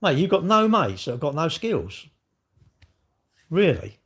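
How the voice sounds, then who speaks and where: A man's voice: a little high, very animated, measured pace, fairly bright tone, husky. A middle-aged man, talking alone on his livestream in a blunt, sweary rant full of rhetorical questions. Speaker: livestream host. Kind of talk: casual ranting monologue.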